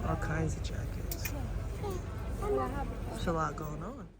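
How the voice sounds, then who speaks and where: With a fairly low, sing-song voice and a slow delivery, a young American vlogger chats into her phone over a loud crowd. She's out shopping on city streets and in markets for a casual travel vlog, rambling with lots of fillers while music plays underneath.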